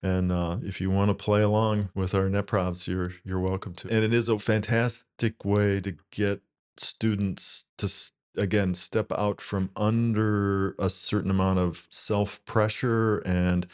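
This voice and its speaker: A man being interviewed about his online writing projects, talking in a relaxed, rambling way and laughing often. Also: on the low side, measured pace, smooth. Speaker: guest, net prov creator. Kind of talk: casual conversational interview.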